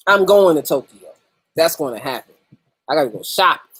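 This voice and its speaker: Male livestream host, loose and cussing, animated pitch, dry unroomy sound. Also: fairly quick, breathy edge, no echo. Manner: loose, profane, greets viewers by name. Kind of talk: casual livestream chat.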